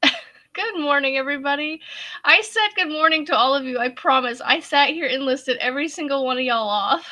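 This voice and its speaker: A woman's voice: high voice, moderate pace, bright, forceful tone. A woman, casually chatting on her crochet livestream, giggly and talkative, laughing so hard her eyes water. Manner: giggly, chatty, addresses viewers as y'all. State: laughing to tears.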